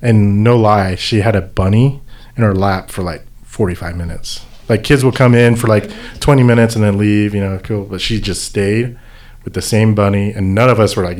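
A man's voice: lowish voice, fairly even intonation, moderate pace, a little mellow. A man who organizes volunteer events, telling a casual story in a rambling way, full of fillers and restarts.

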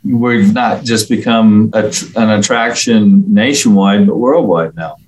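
Man, from England, middle-aged, low voice, rambling casual chat. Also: a little slow, a little mellow, a little hiss or hum, poor audio. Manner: rambling, friendly storytelling with fillers. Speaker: interview guest, local resident.

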